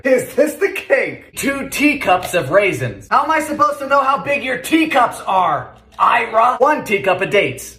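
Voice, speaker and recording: A man doing comedic cooking commentary on old recipes in his home kitchen, with deadpan one-liners and ingredients called out in sudden shouts. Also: sits high, roomy sound.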